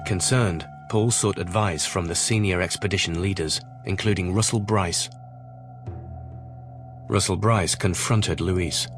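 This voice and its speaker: A man giving scripted documentary narration in a measured, even storytelling manner. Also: sits low. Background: music.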